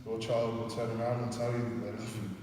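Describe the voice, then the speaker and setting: A man's voice: lowish voice, little pitch movement, fast talker, darkish tone, a little hiss or hum. A man preaching a sermon, earnest and impassioned, acting out prayers and scripture. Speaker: pastor. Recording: echoey hall, from far off.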